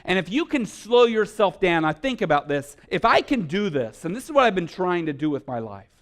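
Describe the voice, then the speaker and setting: Male pastor, fairly high voice, sermon, swings from hushed to fervent. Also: sing-song, fairly quick. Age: adult with children. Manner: builds from quiet to loud passionate preaching.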